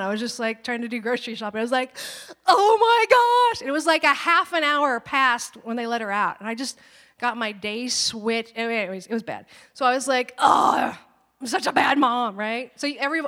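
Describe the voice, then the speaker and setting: A woman in her thirties preaching a sermon, telling personal stories in a conversational, animated way and acting out quoted voices. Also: on the high side. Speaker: pastor. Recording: long reverb of a church hall.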